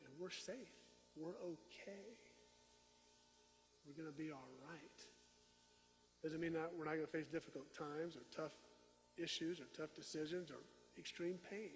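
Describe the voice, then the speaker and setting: A middle-aged male pastor preaching a sermon, telling stories with animated swings from loud to hushed. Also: fairly high pitch, slight background noise. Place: church sanctuary. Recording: reverberant church sanctuary.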